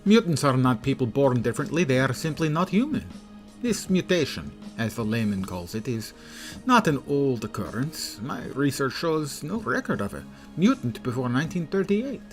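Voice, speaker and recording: A man's voice: medium pitch, sing-song, moderate pace, soft background music, close to an everyday voice. A man putting on an exaggerated Russian accent to voice a cold male scientist lecturing about mutants in a game. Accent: put-on Russian. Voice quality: exaggerated, self-mocking accent. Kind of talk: reading game dialogue aloud.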